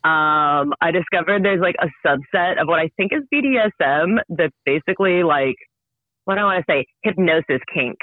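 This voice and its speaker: A man co-hosting a podcast in casual chat, halting and searching for words, on a lo-fi mic. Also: fairly high pitch, expressive, no echo. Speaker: podcast co-host. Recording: dull dry lo-fi mic.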